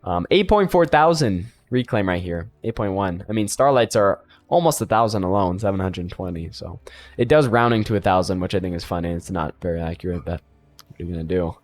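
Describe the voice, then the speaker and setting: A man's voice: low voice, animated, brisk. A young man giving casual, rambling commentary on a strategy game replay, often chuckling to himself. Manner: rambling, chuckling, self-amused. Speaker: game caster.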